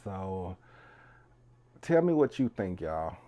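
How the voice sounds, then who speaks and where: Low, mellow-voiced man talking to viewers. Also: sing-song, slow pace. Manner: addresses viewers as y'all, trailing off softly at line ends. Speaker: commentary video creator. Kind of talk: casual direct-to-camera commentary.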